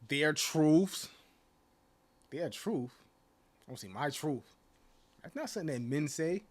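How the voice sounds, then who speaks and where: Male vlogger, higher-pitched, rambling casual rant full of rhetorical jabs. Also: animated, moderate pace, pauses often, a little mellow. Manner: rambling, repeats "like" and "you know", mocking rhetorical questions. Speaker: channel host. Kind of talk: casual opinion rant to camera.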